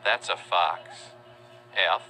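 A man narrating a children's educational video, spelling out words letter by letter in a friendly, deliberate way. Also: low-pitched, pushed and bright, faint music behind. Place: voice-over.

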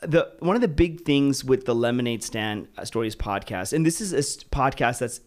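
A man's voice: medium pitch, normal speed. Man, podcast host, casual chat, encouraging, lots of affirmations.

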